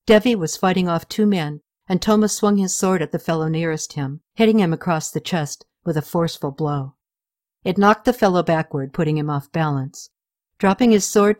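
A woman with a lowish voice reads a novel aloud as an audiobook. Her narration is steady and measured. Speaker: audiobook reader. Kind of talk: scripted narration.

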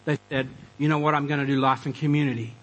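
A man preaching a conversational sermon, animated and acting out quoted voices. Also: fairly high pitch, quick pace, dull audio. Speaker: pastor.

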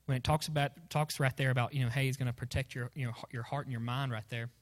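A man's voice: mid-range voice, fairly even intonation, quick pace. A young man preaching to students, rambling and self-deprecating, full of fillers. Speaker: youth pastor. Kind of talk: sermon to students.

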